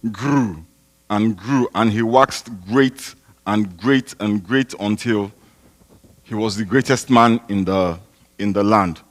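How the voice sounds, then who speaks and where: A man from Nigeria who leads his congregation, preaching while a little out of breath. He talks in a chatty, joking way and turns loud and emphatic when he calls for declarations. His voice sits in a middle pitch for a man. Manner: chatty, joking, breaks into laughter. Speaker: pastor. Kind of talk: sermon. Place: church hall.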